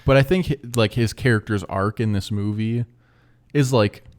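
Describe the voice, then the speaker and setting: A man's voice: lowish voice, moderate pace. A young man co-hosting a movie podcast, laid-back and casual, explaining things to his co-host. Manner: laid-back, drifts into mock quotes.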